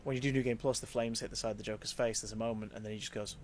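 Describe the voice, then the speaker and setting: A man's voice: on the low side, steady tone, racing, few pauses, soft background music. A man streaming a game, chatting casually and telling rambling stories while reading the chat aloud. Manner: chatty storyteller, rambling with restarts, reads out chat.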